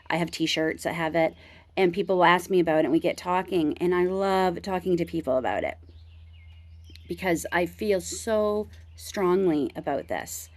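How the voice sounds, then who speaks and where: A middle-aged woman from Canada, talking earnestly outdoors at her home as a homestead vlogger, rambling with many ums and restarts. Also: lowish voice. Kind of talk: casual heartfelt talk to camera.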